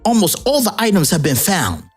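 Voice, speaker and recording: A woman's voice: medium pitch, wildly swooping pitch, fairly quick, breathy edge, faint music behind, pitched above the performer's own voice. A woman voicing an urgent female magician hero in a comic recap.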